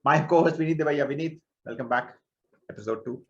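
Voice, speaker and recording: A man's voice: on the high side, a little fast, dull audio. A man from India co-hosting a casual podcast, hesitant and often restarting his sentences. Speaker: podcast co-host.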